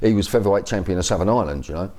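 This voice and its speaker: A man's voice: low voice, very fast, dark tone. A Cockney man in his fifties telling his life story in an interview, rambling with many fillers and restarts. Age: 50s. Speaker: interview guest. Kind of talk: personal account in an interview.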